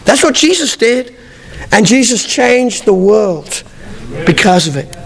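High, gravelly-voiced preacher man. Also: takes it slowly. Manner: animated storytelling, frequent restarts, acts out dialogue. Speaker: pastor. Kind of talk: sermon.

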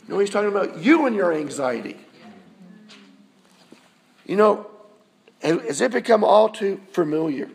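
Very animated yet measured, with long pauses, a pastor delivers a sermon in a church. His high-pitched voice has a gravelly fry, and he speaks conversationally to the congregation while repeatedly asking them rhetorical questions.

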